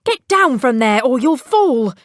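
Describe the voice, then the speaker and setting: A woman's voice: high voice, big pitch swings, a little slow, no room sound, studio quality, voice pushed up. A woman voicing a fussy, anxious mother who dotes on her son. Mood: fussing. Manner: anxious and doting.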